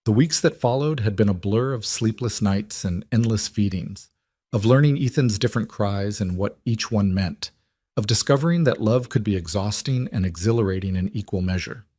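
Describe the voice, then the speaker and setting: A man reading a drama story aloud in a steady, even narration. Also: on the low side, normal speed, no room sound.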